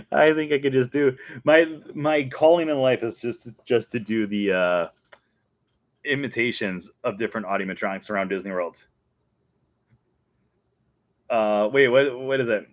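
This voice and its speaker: A man's voice: medium pitch, normal speed, long pauses, no room sound. A man hosting a casual fan show, talking enthusiastically and laughing often. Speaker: host. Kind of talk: casual chat.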